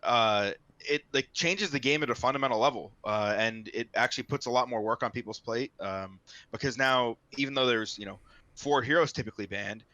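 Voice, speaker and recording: A man's voice: mid-range voice, fairly quick, bright, forceful tone, dry recording. A man guesting on an esports talk show, rambling through his points with constant filler words. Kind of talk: casual esports discussion. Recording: dull lo-fi mic.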